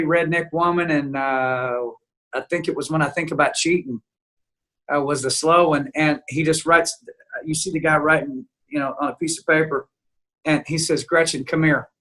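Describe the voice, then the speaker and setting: A man being interviewed as a guest songwriter, telling an animated story and acting out the dialogue. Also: a little high. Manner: lively storyteller who acts out quoted dialogue. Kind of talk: animated storytelling in casual chat.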